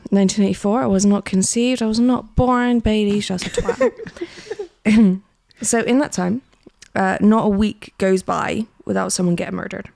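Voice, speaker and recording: A woman's voice: medium pitch, measured pace, gravelly, a little mellow. A woman from Britain co-hosting a podcast, telling a true crime story in casual chat, laughing often and swearing freely. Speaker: podcast co-host.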